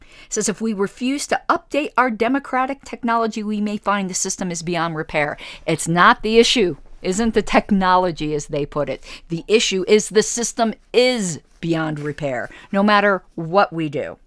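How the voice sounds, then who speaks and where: A woman's voice: mid-range voice, animated, normal speed, fairly bright tone, dry recording, studio quality. A woman from the United States hosting a radio talk show, reading an article aloud and answering it with sarcasm. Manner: sarcastic, argumentative.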